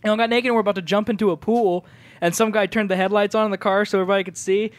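A man's voice: high-pitched, fairly even intonation, rapid-fire, no room sound. A man hosting a podcast in casual banter, teasing his guest and laughing often. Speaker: podcast host.

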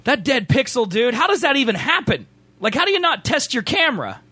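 A bright, high-pitched man with a bouncy, animated delivery, reacting to a broadcast on a live stream. He jokes and fires off quick excited remarks in casual chat. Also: husky, no echo. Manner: excitable, joking, rapid reactions. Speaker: stream co-host.

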